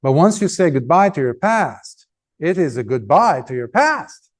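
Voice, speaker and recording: A man, a monk teacher, giving a dharma talk and telling a story with animated shifts of pace and emphasis. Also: on the high side, normal speed.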